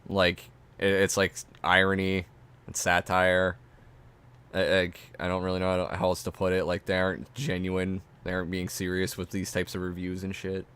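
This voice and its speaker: A man's voice: low voice, completely flat delivery, moderate pace, fairly bright tone, smooth. A man streaming, chatting casually and profanely as he reacts to videos and reads chat.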